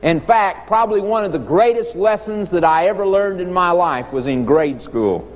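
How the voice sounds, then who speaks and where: A man's voice: high-pitched, expressive, moderate pace. A man preaching a homespun, storytelling sermon, calling his listeners folks. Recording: dull, echoey hall recording with faint hiss.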